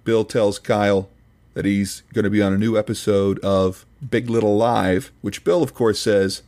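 A man with a low, gravelly voice delivers scripted podcast commentary. His tone is dry and mock-serious, picking at small details with pedantic relish. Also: fairly even intonation, moderate pace, darkish tone. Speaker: podcast host reviewing another podcast.

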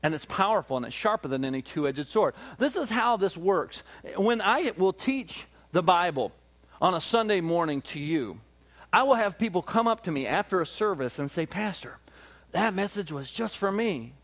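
A man with a high voice preaches from the pulpit. He drives his points home by repeating himself. He keeps turning to his listeners with questions. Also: expressive, moderate pace, a bit bright. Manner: emphatic, repetitive preaching with rhetorical questions. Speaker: pastor. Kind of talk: sermon.

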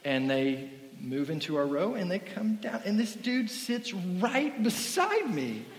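A male pastor delivering a sermon as animated, self-deprecating stories, with a slightly high voice. The sound echoes through a large church hall with a long reverb tail. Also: a little slow. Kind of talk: sermon with comic storytelling.

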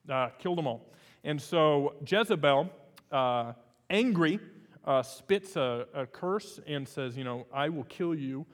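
A pastor preaches a sermon in a fairly high-pitched male voice that sounds like it's in a big room. His delivery is conversational, full of fillers and restarts.

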